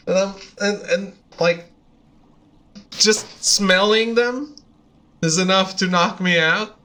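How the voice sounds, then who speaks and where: Slow-talking high-voiced young man streaming. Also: steady tone, sharp tone, slight background noise. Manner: joking, self-deprecating, laughs often. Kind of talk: casual chat over gameplay. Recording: faint game music behind. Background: game music.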